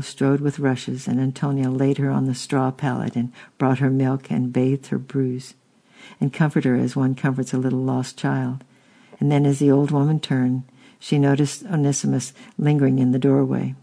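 A man narrating a historical story aloud in a steady reading, now and then stumbling and repeating a word. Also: medium pitch, gravelly. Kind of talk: audiobook reading.

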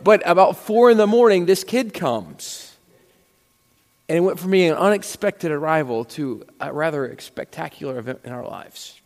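A man with a fairly high, animated voice preaches a sermon as a pastor at a moderate pace, telling stories conversationally and acting out the dialogue. The recording carries a long hall reverb.

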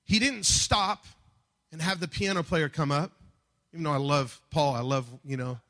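A man preaching a sermon, building from calm teaching to fervent shouted passages. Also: a little high, fairly quick. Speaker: pastor.

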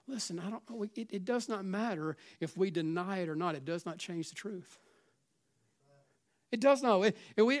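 This middle-aged South Carolina pastor has a high voice and a Southern accent. In his sermon he moves from loud exhortation to hushed, almost whispered lines, frequently saying "listen."

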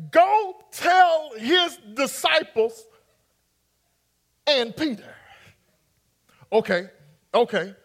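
High-voiced preacher, slow and dramatic. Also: male voice, a bit bright, husky. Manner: dramatic preaching that acts out scripture, coaxing the congregation. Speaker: pastor. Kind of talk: sermon.

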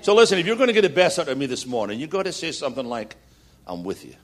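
A man preaching as a guest speaker, building to loud repeated declarations and slipping in jokey stories. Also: fairly high pitch, big pitch swings, very fast. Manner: jokey storytelling asides. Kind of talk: sermon.

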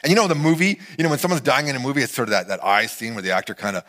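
A middle-aged man preaching a sermon, animated, acting out quotes and swinging between loud and hushed delivery. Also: mid-range voice, racing. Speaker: pastor.

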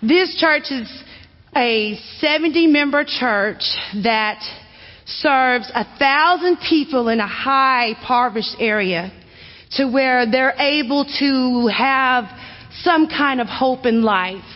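A woman's voice: high-pitched, slow. A woman from Arkansas, a guest preacher delivering a sermon in a folksy, friendly manner. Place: church sanctuary. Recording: dull sound in a reverberant church.

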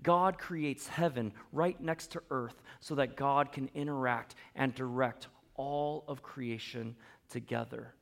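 Gravelly-voiced male preacher. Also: medium pitch, slow pace, fairly bright tone. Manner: conversational preaching with frequent tag questions; playful asides. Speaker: pastor. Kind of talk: sermon.

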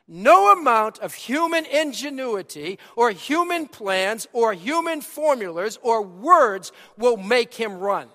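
A man preaching a sermon as a pastor, swinging between loud, emphatic lines and hushed, quiet ones. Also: high-pitched. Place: church sanctuary. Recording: long hall reverb.

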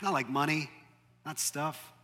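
A man preaching a sermon to a room, with dynamic delivery that swings between loud emphasis and hushed moments. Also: a little high, measured pace. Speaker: pastor. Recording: long hall reverb.

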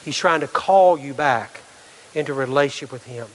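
A man's voice: mid-range voice, moderate pace, slight background noise. A middle-aged male pastor preaching a sermon, earnest, full of rhetorical questions and restarts. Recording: long hall reverb.

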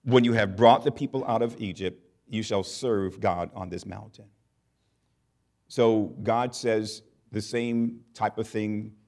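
A man preaching a sermon, reading scripture slowly and emphatically, with dramatic rises in pitch and loudness.

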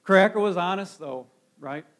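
A pastor with a high-pitched voice preaches a sermon at a moderate pace, speaking casually to his congregation and posing rhetorical questions. He often stumbles and restarts his phrases along the way.

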